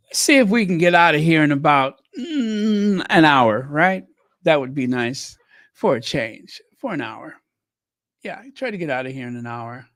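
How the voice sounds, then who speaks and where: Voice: mid-range voice, expressive, a little slow, pauses often, fairly bright tone, dry recording, clean studio sound. A livestream host chatting casually and greeting viewers one by one by name.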